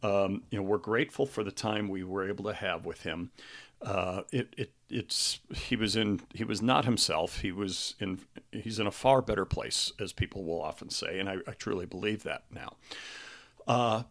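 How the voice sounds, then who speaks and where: Middle-aged male podcast host, grieving, halting and earnest; low voice with a gravelly edge. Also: a bit bright. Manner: halting and earnest, with many restarts. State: grieving, close to tears. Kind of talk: personal monologue.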